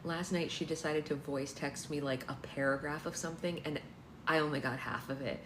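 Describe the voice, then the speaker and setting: Low-voiced, chatty woman in an echoey room. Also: fairly even intonation, fairly quick. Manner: chatty, rambling, filler-heavy. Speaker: book club host and slime seller. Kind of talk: casual livestream chat and reading aloud. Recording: echoey room, faint background noise.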